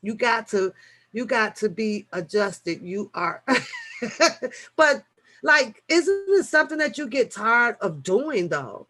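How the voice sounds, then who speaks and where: Animated woman chatting with her live chat. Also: on the high side, takes it slowly. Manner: animated, swearing, frequent fillers and restarts. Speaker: live-stream host answering chat. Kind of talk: casual late-night chat.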